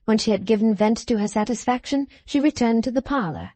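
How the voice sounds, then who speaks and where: A woman reading a classic novel aloud as an audiobook narrator, in a measured, steady storytelling manner. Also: on the high side, no room sound.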